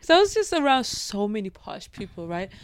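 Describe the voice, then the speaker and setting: A woman guest on a podcast, telling stories in a relaxed way with frequent hedges. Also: mid-range voice, brisk, clear, resonant tone. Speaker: guest comedian. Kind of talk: casual chat.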